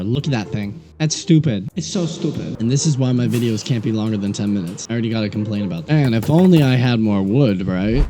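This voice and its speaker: A young man giving casual gameplay commentary as a video creator, goofy and self-mocking, with sudden high-pitched outbursts. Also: warm tone. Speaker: gaming YouTuber. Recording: music playing behind.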